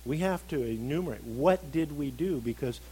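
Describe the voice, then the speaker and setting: A middle-aged man preaching a sermon, earnest, moving between emphatic stresses and soft, reflective passages. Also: a little high, expressive, normal speed, slightly rough, rough recording.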